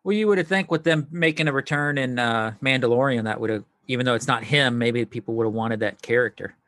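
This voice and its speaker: Excited man chatting on a podcast. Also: mid-range voice, fast talker, no echo. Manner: enthusiastic, laughs easily. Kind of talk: casual podcast chat.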